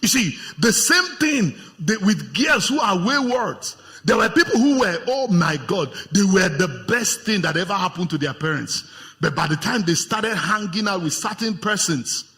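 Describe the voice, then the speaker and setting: A Nigerian man preaching a lively sermon to his congregation as pastor, acting out the voices of tempters in his stories. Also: high-pitched, normal speed. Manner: animated, acts out voices of tempters, laughs with congregation. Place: church hall with congregation. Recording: long hall reverb.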